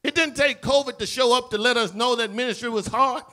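A Southern-accented male pastor preaches in a church sanctuary, his voice high and bright with a forceful edge. He acts out scripture dialogue and swings between loud cries and hushed, low lines. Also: fairly quick. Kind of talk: sermon.

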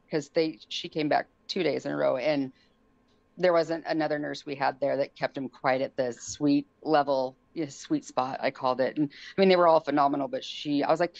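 A woman telling a story on a podcast in a casual way, acting out the quotes in a high, excited voice. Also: a little fast, creaky, dry recording, dull audio. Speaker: guest.

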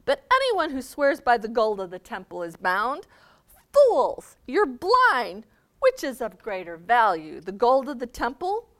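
A woman reading aloud the words of an angry, grieving male prophet, scolding loudly and then lamenting quietly. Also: medium pitch, big pitch swings, slow pace. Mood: furious scolding.

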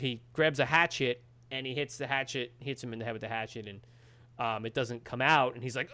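Male podcast co-host, mid-pitched, animated casual recap voice, acts out the quotes. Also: fairly quick. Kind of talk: casual chat.

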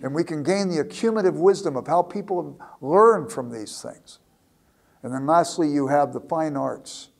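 Guy lecturing, bit higher voice, tells stories and stumbles on repeated words. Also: moderate pace, gravelly. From United States. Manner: anecdotal, repeats words when starting a thought. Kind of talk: storytelling lecture.

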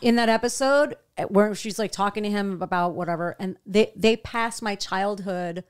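A woman's voice: mid-range voice, clean tone. A woman from New Jersey with a Jersey accent, chatting casually as a podcast guest and swearing freely as she tells stories. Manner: swears freely, quick storytelling.

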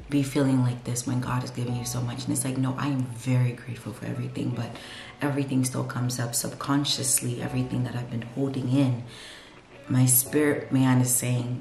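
A woman's voice: a bass voice, moderate pace, creaky, a little mellow, faint music behind. A young woman in her twenties talking candidly in a home vlog, rambling and confessional, filled with "like". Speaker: vlogger. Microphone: camera mic, no lapel. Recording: echoey room on camera mic.

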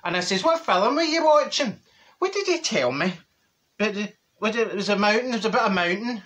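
In this gossipy character comedy piece, a man voices a blunt, brash older woman from Glasgow in a Glaswegian accent, rambling with asides and cackles. He speaks high and fairly fast, with lively intonation and a bright, forceful tone.

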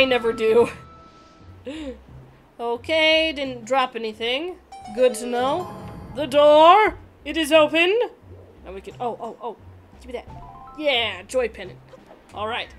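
A woman giving casual gameplay commentary, excitable and prone to dramatic outbursts. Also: sits high, moderate pace, soft background music. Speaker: let's play host.

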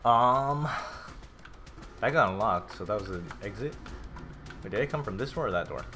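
A man casually commenting on a game as he plays, reading notes aloud, swearing and reacting loudly. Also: lowish voice, expressive, normal speed, faint music behind. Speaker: gameplay streamer. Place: home room with a cat.

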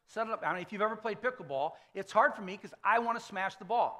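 A man's voice: high voice, animated, fast, few pauses, a bit bright. A man in his fifties preaching a sermon as a pastor, telling stories in a conversational way and often checking in with the room. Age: 50s. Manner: conversational storytelling sermon, frequent "okay?" check-ins. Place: church sanctuary.

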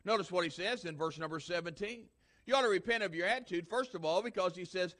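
A high-pitched male pastor delivering a sermon in church. He hammers home his points through repetition, pushing each line harder than the last. His voice rises as he presses the congregation. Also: fast, fairly bright tone. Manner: emphatic preacher, repeating lines with rising force.

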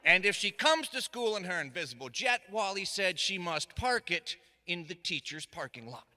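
Animated storyteller. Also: male voice, high voice, normal speed. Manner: animated, shouting quoted lines, dry asides. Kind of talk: live comic storytelling. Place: stage in a hall. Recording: echoey hall reverb.

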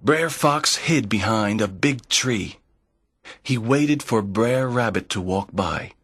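A man reads a folk tale aloud slowly, in a measured way meant for learners. His voice is a little husky. The sound is dry and close, with no room around it. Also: lowish voice, lively intonation, fairly bright tone, no echo. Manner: clear, measured storytelling. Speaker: narrator of a graded reader. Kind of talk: slow scripted narration for learners.

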